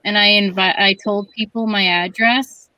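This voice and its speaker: A woman's voice: medium pitch, steady tone, normal speed, sharp tone, rough recording. A woman co-hosting a stream, telling stories in a rambling, chatty way with many restarts. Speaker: stream co-host. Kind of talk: casual storytelling chat.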